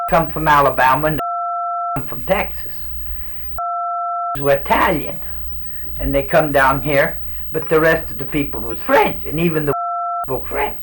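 A man in his sixties from a South Louisiana island tells stories in a Cajun accent during an oral history interview, rambling in a folksy way and restarting as he goes. His voice is fairly high, and the recording is very noisy.

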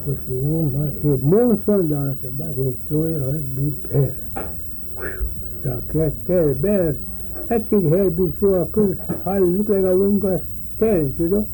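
A man's voice: a little high, mellow, slight background noise, rough recording. Rambling older man. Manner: rambling, folksy, acts out voices in his stories. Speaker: interviewee. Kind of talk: oral history storytelling.

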